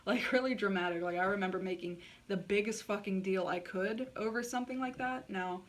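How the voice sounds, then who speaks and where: A woman vlogger with a medium-pitched voice, speaking briskly in a steady tone, recounts a personal story from a distant mic. Her delivery is frank and unfiltered, full of swearing and filler "like"s.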